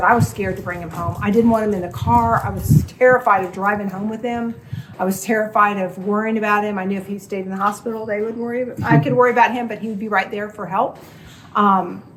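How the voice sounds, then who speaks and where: A middle-aged woman, a homestead channel co-host, chatting casually through a hospital story with quick asides. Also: medium pitch, a little hiss or hum, low-quality recording. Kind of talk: casual recovery story vlog.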